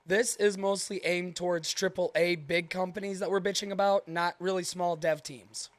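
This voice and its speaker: A man co-hosting a casual gaming podcast, chatting and telling anecdotes in a relaxed way. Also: sits high, moderate pace, dry recording. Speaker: podcast co-host.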